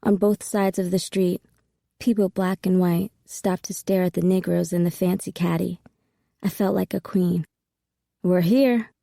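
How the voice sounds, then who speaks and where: A woman narrates a first-person audiobook with steady, intimate storytelling. Her voice is heavily gravelly and mellow. It is recorded dry and close on a studio mic. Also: lowish voice, moderate pace, no echo.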